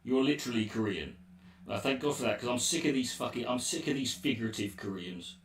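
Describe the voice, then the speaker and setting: A man's voice: mid-range voice, fairly quick. Brit guy ranting at his stream chat, lots of swearing, sounds a bit far off, faint hiss. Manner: profane, sarcastic, rambling. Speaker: live streamer answering chat. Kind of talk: casual live-stream rant. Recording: roomy echo, distant mic, faint noise.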